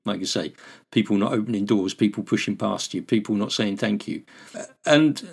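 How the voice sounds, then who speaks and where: A man's voice: lowish voice, a little fast, creaky, slightly rough. An older man from the United Kingdom, a podcast co-host, chatting casually and telling anecdotes. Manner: chatty anecdotal storyteller, acts out exchanges. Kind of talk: casual chat.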